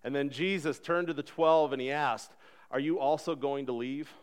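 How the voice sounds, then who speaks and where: A man's voice: on the high side, fairly even intonation, normal speed, clean tone. A man in his thirties preaching a sermon, earnest and conversational, acting out voices in the stories he tells. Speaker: pastor.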